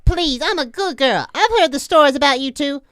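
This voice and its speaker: A man voicing a sassy, quick-tongued young woman with brash, teasing comebacks while reading fan fiction aloud for comedy. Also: extremely high pitch, lively intonation, bright, forceful tone, no echo, clean studio sound, voice pushed up, heavily acted.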